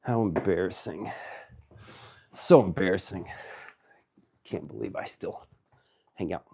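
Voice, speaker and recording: A man streaming live, chatting casually with viewers, reading their messages out, excitable and swearing as he jokes around. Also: sits low, slow pace, creaky, breathy edge. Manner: excitable, swearing, joking banter. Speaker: livestreamer.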